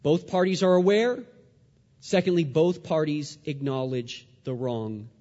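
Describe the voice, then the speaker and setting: Man preaching with dramatic loud-soft swings. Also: a little high, a little slow, long reverb tail, dull audio. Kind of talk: sermon.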